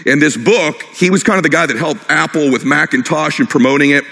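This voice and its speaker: A man delivers a rapid, punchy motivational talk, joking with the crowd. His voice is bright and forceful and sits a bit high. It carries through the long reverb of a big hall. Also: vocal fry. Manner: fast, punchy, jokes with the crowd. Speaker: keynote speaker. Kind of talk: energetic motivational speech. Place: large hall with live audience.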